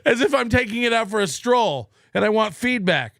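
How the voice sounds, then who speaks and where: A man's voice: high-pitched, lively intonation, moderate pace, vocal fry, fairly bright tone, no echo, studio quality. A man hosting a show, reacting to clips with sarcastic, profane commentary and frequent laughs.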